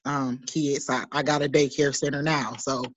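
A woman's voice: rumbling low, flat delivery, normal speed, no echo. A woman in a casual group discussion who runs a daycare, speaking agreeably as she explains her point. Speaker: daycare owner, guest.

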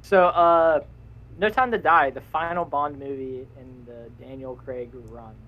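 A man's voice: mid-range voice, fairly even intonation, a little slow, dull audio. A young man co-hosting a casual podcast, rambling and cutting himself off, laughing often. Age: young adult. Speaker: podcast co-host. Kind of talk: casual chat.

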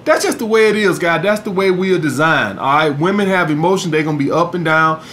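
High-voiced man ranting with profanity. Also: brisk, a bit bright, slight background noise. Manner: profane, repeats "all right?". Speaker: podcast host. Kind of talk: casual monologue.

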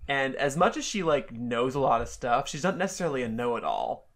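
A woman's voice: a bass voice, big pitch swings, brisk. A woman co-hosting a podcast, chatting casually and animatedly, laughing often. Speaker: podcast co-host. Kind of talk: casual chat.

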